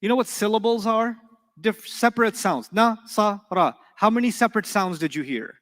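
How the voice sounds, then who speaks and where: A man teaching an Arabic class live, animated and often asking his students questions. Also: high voice, a little fast. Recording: long hall reverb.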